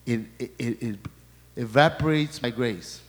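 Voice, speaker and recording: Male priest at a middle pitch, preaching in a halting, restarting way, heard in a long hall echo. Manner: halting, restarts and repeats words, relays quoted messages. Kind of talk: sermon talk.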